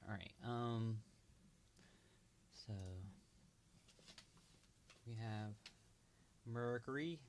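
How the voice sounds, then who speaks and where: A man's voice: medium pitch, a little hiss or hum. A man hosting a casual livestream, thinking aloud with hesitant, trailing remarks as he marks up a chart. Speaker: livestream host.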